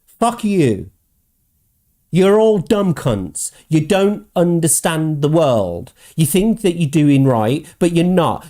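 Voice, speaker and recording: A man hosting his own show, ranting angrily with constant swearing and mocking quotes in a higher voice. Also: warm tone. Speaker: host. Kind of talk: ranting commentary.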